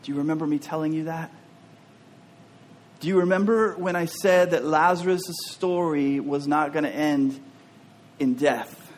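A man's voice: fairly high pitch, a little slow, long pauses, lightly acted. A preacher acting out a reassuring male divine teacher who speaks in earnest, emphatic declarations.

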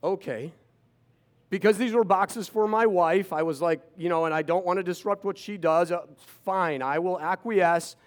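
Speaking at normal speed in a voice that sits high, this fifty-something man entertains an audience with stories from his own life. Sarcastic remarks pepper the telling.

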